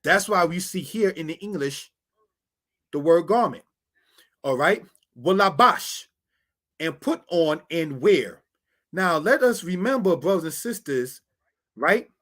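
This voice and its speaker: Guy walking thru hebrew verses on slides, kinda high voice, keeps saying brothers and sisters. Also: a little slow. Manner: repeats "brothers and sisters", steady explaining. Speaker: Hebrew teacher. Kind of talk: online Bible lesson with slides.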